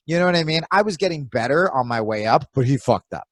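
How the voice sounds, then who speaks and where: A man's voice: on the high side, lively intonation, fast talker, no room sound. A man co-hosting a podcast in casual chat, giving blunt, profane coaching advice. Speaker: podcast co-host.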